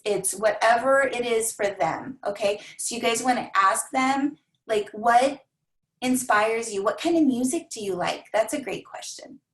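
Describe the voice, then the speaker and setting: A woman coaching a team of coaches in an energetic, repetitive manner, often acting out the voices of clients. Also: mid-range voice, roomy sound, low-quality recording. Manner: energetic, repeats phrases, acts out clients' voices.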